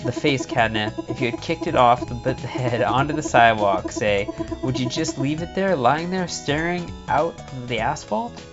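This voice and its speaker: A man's voice: mid-range voice, animated, moderate pace. A man casually chatting and joking while streaming a game, rambling into comic rants. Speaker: streamer playing a visual novel. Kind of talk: casual live-stream banter. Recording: slightly dull lo-fi stream audio with faint music.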